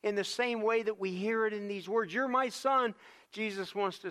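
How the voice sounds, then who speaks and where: A man preaching a sermon, earnest and emphatic, repeating phrases and swinging between hushed stretches and louder bursts. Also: high voice, fairly even intonation, normal speed. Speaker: pastor.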